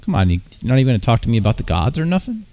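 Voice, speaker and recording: A man giving casual let's play commentary, blunt and swearing, thinking out loud. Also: mid-range voice, sing-song, rapid-fire, no room sound, highs cut off. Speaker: gamer.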